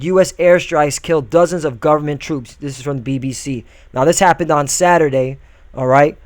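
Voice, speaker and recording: A man's voice: on the high side, no echo. A man giving religious and political commentary in a preachy, combative way, often stopping with "all right?" and reading scripture and news aloud. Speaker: video commentator.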